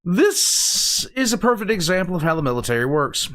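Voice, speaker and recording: A man's voice: sits high, very animated, normal speed, fairly bright tone. A man hosting a reaction video, chiming in with short remarks and sarcastic jokes about the military. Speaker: reaction channel host. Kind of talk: reacting to a video, casual commentary.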